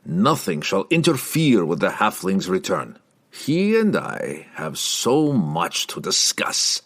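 A man's voice: deep voice, wildly swooping pitch, slow, slightly rough, exaggerated voice. A man reading the part of a scheming guildmaster who speaks slyly and coldly, with clipped, menacing lines. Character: scheming male guildmaster, cold and possessive.

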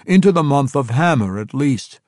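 A formal male dark elf noble announces news in a measured voice, as a man reading the story puts him on. The sound is dry and close. He stays composed. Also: medium pitch, lively intonation, no echo, pitched above the performer's own voice, natural voice.

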